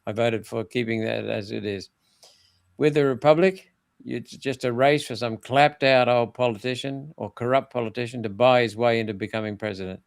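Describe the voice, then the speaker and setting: Older aussie bloke, blunt and emphatic, gravelly voice, dry room. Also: male voice, mid-range voice, moderate pace, no room sound. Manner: blunt, emphatic, with frequent restarts. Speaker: former senator interviewed as guest. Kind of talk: political interview talk.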